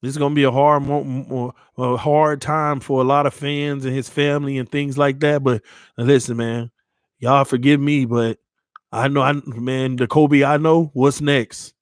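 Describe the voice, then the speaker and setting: With a clear, resonant, medium-pitched voice, a man who hosts a sports channel gives his viewers a heartfelt, emotional pep talk at normal speed and a steady tone. He is shaken after hours of crying, repeating phrases and addressing them as "man" and "y'all." Studio-quality recording, no echo.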